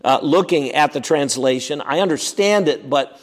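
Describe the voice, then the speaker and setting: A man preaching an expository sermon as pastor, emphatic and animated, acting out objections and dropping to quiet asides. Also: on the high side, normal speed. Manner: animated, emphatic, swings between loud and quiet; acts out quoted objections.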